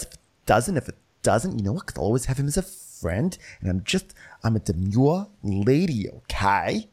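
A man's voice: mid-range voice, a little mellow, slightly rough, voice pushed up. A man voicing a scattered, flustered older woman socialite who keeps repeating herself. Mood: defensive.

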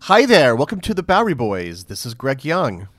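A man's voice: medium pitch, huge pitch swings, moderate pace, no room sound, faint music behind. A man co-hosting a history podcast, narrating and bantering playfully with his co-host, laughing often.

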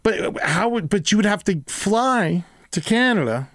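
A man in his forties chats as a podcast co-host, rambling through stories with plenty of swearing and animation. His voice sits a little high, and the sound is dry and close. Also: unhurried, dry recording. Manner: rambling, profane, animated retelling. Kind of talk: casual chat.

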